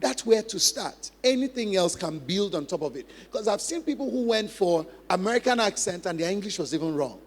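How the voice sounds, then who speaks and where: A man's voice: sits high, lively intonation, a little fast, few pauses. A male pastor giving a conversational teaching sermon, laughing often and repeating points for emphasis. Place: church hall. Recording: long church reverb, faint music.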